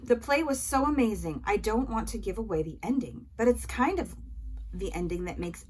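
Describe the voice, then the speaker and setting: A woman reading a children's novel aloud in a lively first-person voice. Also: mid-range voice, moderate pace, husky, poor audio. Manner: lively first-person narration as a young boy. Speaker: audiobook reader.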